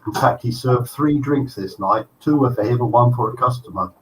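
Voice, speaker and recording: A man co-hosting a live show, telling a long corny joke in an animated, self-mocking way. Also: mid-range voice, moderate pace. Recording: distant mic, faint noise.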